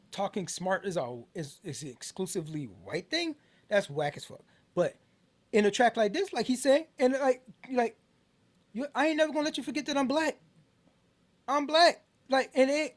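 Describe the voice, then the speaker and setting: A middle-aged American man hosting a casual album review podcast, talking in a loose, rambling way with many fillers and restarts. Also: high-pitched. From United States. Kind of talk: casual music review talk.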